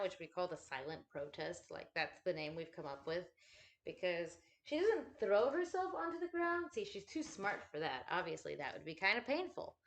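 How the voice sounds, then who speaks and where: A woman chatting casually at home while folding laundry, rambling and swearing freely with self-deprecating asides. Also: lowish voice.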